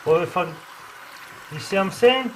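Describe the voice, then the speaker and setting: A man's voice: high-pitched, lively intonation, moderate pace, fairly bright tone, a little hiss or hum, poor audio. A man filming a casual how-to vlog, enthusiastically showing life hacks in loose, non-native English and chatting to his dog. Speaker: vlogger demonstrating life hacks.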